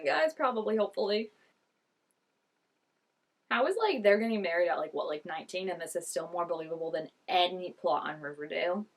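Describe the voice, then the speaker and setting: A young woman vlogs her reactions to a TV episode in casual commentary, her lowish, creaky voice expressive and a little fast. She gushes chattily, laughs often, and says "like" a lot.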